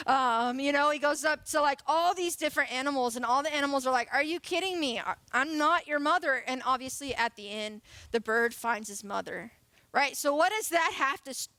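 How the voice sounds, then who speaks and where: A woman's voice: high-pitched, normal speed, fairly bright tone, no echo. A woman in her late twenties giving a casual, playful sermon as a youth pastor. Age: 20s. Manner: casual, chatty and playful, laughing often.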